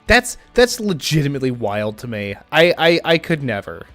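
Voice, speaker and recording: A man's voice: mid-range voice, big pitch swings, moderate pace, fairly bright tone, faint music behind. A young man casually commenting on his game during a live stream, thinking aloud with frequent ums and restarts.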